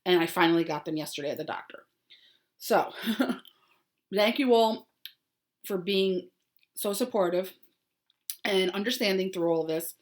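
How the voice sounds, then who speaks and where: A woman's voice: medium pitch, unhurried, pauses often. A woman hosting her crafting podcast in casual chat, heartfelt and rambling with many ums and restarts, turning bubbly and upbeat for announcements. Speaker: podcast host.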